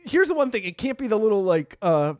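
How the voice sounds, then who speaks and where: Podcast cohost guy, lively up-and-down delivery, playful arguing, dry close mic. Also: high voice, fast, no echo. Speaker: podcast co-host. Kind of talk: casual comedic chat.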